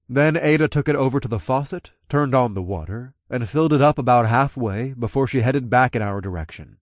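A man's voice: mid-range voice, no echo, studio quality. A man narrating an audiobook in the first person, telling the story expressively.

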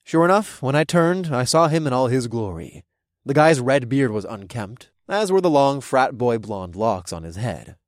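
Young male audiobook narrator, wry and casual, lively pitch, dry close studio sound. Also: normal speed, dry recording. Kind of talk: first-person scripted narration.

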